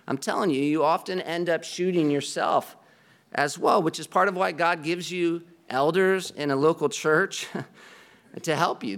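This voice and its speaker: Preaching to his congregation, a pastor keeps things earnest and conversational and drops in a self-deprecating aside. His voice leans high and a bit bright.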